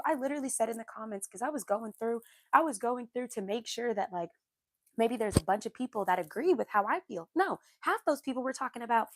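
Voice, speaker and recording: A woman's voice: a little high, animated, brisk, no room sound. A young woman from the United States, hosting a livestream and ranting about society in a heated, emphatic way, repeating phrases to drive her points home. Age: young adult. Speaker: livestream host.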